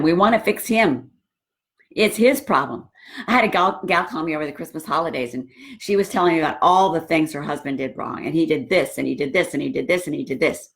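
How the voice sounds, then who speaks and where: A middle-aged woman with a low voice talks casually to wives about marriage. She tells stories in a lively way and acts out what people said. She sounds like a warm-hearted coach speaking to her viewers. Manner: chatty, animated storytelling with quoted dialogue. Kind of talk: casual talk to women viewers.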